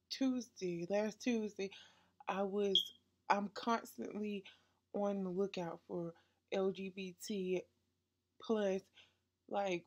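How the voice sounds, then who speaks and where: Woman vlogger with a stuffy nose, unhurried and chatty, gushing book reviewer. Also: on the low side. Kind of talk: casual book review vlog.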